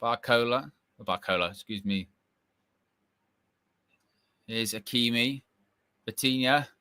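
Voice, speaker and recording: A young man doing casual live football watch-along commentary, reacting excitedly and shouting at big moments. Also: medium pitch, slow, clean tone, no echo.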